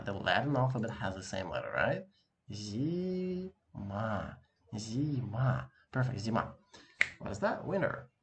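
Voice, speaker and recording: A man teaching an online language lesson, lively and encouraging, talking casually with slang to his viewer from a room with an open window. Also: mid-range voice, a little hiss or hum. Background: dog barking outside.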